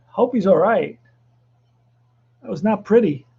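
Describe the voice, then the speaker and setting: A middle-aged man doing excitable play-by-play commentary of a tabletop baseball replay, with joking asides. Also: sits high, slow, creaky, breathy edge, lo-fi sound.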